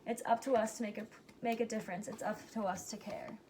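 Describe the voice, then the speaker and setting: A woman reading a rhyming picture book aloud, giving its characters lively but plain voices. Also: on the high side, fast talker, very noisy. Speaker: reader.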